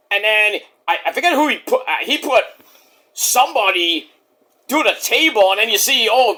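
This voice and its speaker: A man recapping a wrestling show in a casual vlog, excitable, rambling and profane. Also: extremely high pitch, fairly quick.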